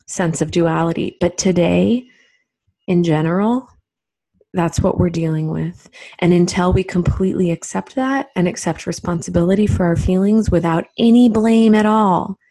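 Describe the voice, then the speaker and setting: A woman with a lowish, warm, mellow voice gives a reflective spiritual talk. She speaks gently and lets her phrases stretch out unhurriedly, like a teacher guiding listeners inward.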